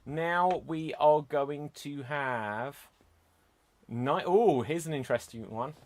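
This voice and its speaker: A man hosting an online improv game, animated, laughing often and calling on players. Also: on the high side, slow. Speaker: improv host.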